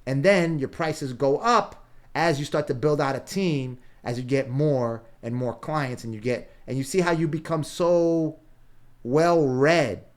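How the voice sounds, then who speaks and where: A man acting as a business coach, walking through examples on screen in a casual, punchy way, thinking aloud as he browses and dropping frequent "right?" and "boom". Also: a little slow. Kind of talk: screen-share walkthrough.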